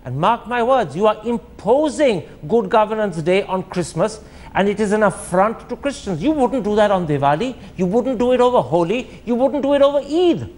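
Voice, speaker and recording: A man's voice: sits high, lively intonation, moderate pace, darkish tone. A man hosting a TV debate, pressing guests with pointed questions. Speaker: TV debate host. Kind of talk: combative TV debate.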